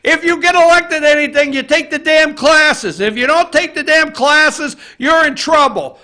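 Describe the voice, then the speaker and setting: A man's voice: extremely high pitch, normal speed. Fired-up, cursing man ranting. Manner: fired-up, profane, often shouting. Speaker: host. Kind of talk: political opinion rant. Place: office. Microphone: facing camera.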